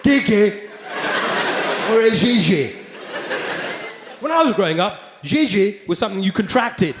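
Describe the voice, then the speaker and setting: A man works a theater crowd, sardonic and chatty, with rhetorical asides. His fairly high voice swings lively through each line. The live room adds a roomy echo over steady ambient noise. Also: measured pace. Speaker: stand-up comedian. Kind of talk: live stand-up routine. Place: theater stage.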